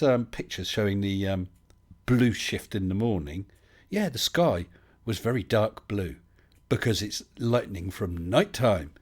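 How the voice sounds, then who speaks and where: A man, hosting a casual live stream and chatting his way through viewer comments with lots of fillers and restarts. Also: lowish voice.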